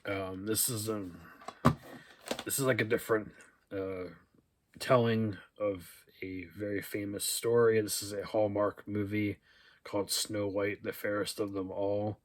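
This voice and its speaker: A man's voice: fairly low pitch, a little slow. A young man casually going over his thrift-store movie finds, rambling with lots of fillers. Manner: relaxed and rambling, with many "uh" and "um" fillers. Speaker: thrift haul vlogger. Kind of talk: casual haul video, reading out DVD titles and cast lists.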